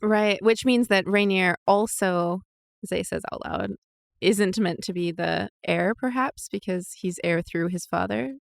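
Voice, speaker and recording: A woman player at a tabletop game, thinking her ideas through aloud. Her voice has a gravelly fry, and the sound is dry and close. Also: mid-range voice, measured pace, no echo. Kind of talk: tabletop role-play.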